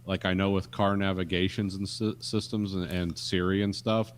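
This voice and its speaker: American man, podcast co-host, deep voice, casual storytelling, swears casually. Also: little pitch movement, normal speed, slight background noise. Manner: storytelling, mimics other people's speech, swears casually. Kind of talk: casual chat.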